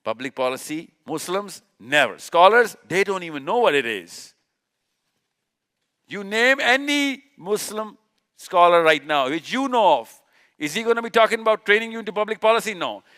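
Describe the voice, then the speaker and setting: Man, fairly high voice, bright tone, live lecture in a hall, emphatic, rhetorical questions, repeats words. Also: expressive, normal speed. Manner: rhetorical questions, answered himself; uses a clicker with slides. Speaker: speaker. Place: event hall.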